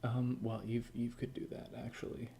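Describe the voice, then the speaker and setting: A man chatting on a stream, talking softly and half whispering so as not to wake his babies. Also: medium pitch, completely flat delivery, normal speed, vocal fry, slight background noise. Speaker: co-developer and parent. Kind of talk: casual chat.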